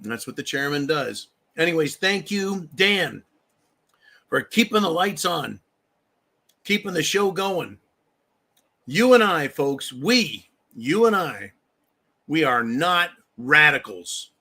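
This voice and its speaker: A man's voice: fairly high pitch, big pitch swings, takes it slowly, long pauses, pushed and bright. A man hosting a live stream, talking to viewers in a fired-up, profane, repetitive way and calling them "folks.". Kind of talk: political live stream monologue.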